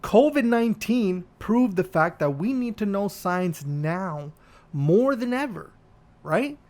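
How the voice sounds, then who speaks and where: A man's voice: high voice, expressive, slow, darkish tone. A man hosting a podcast, delivering a profane, ranting comedic monologue. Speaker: podcast host.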